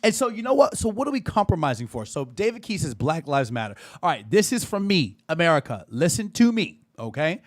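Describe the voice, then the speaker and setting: A man in his thirties hosting a live call-in show, chatty and animated, swearing and laughing often. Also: fairly high pitch, a little fast, hardly any pauses, dry recording, studio quality. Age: 30s. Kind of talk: casual live-stream talk.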